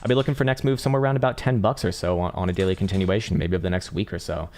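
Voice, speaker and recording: A man with a low voice talks quickly through live market charts. He rambles, restarts his sentences and swears casually, like an easygoing streamer. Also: steady tone, darkish tone. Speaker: crypto chart analyst and livestream host.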